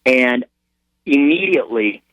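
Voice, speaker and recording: Middle-aged male radio guest, lively swinging pitch, dry close sound, rambling storyteller. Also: measured pace, no echo, highs cut off. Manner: animated, rambling anecdotes with frequent restarts. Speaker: military sergeant and charity founder as a guest.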